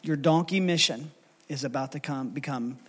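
A man preaching a sermon as lead pastor, animated and storytelling, with acted quotes. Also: high-pitched, unhurried, long reverb tail.

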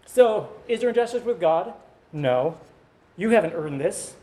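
A man's voice: high-pitched, lively intonation, measured pace, a little mellow. A male pastor preaching a sermon in a conversational way, with joking asides to the congregation.

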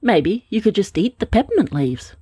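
A woman's voice: medium pitch, big pitch swings, moderate pace, mellow, slightly rough, no room sound, voice pushed up. A woman voicing an anxious young male rock fairy in a storybook reading. She makes him nervous and eager, stammering now and then.

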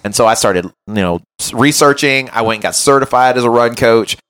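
A run coach hosts a podcast, telling an animated story at his own expense in casual conversation and repeatedly checking in with "right?" His mid-range voice is clear and resonant, moving a little fast.

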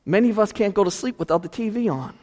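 A male pastor delivers a sermon in a church, his voice a touch higher than most men's. The sanctuary gives every phrase a long, lingering reverb. He moves between hushed, drawn-out moments and loud, animated bursts.

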